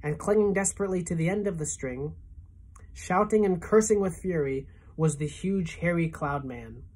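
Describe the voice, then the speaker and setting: Woman teacher, storybook read-aloud, expressive, husky and low-pitched. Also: normal speed. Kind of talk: reading a children's novel aloud.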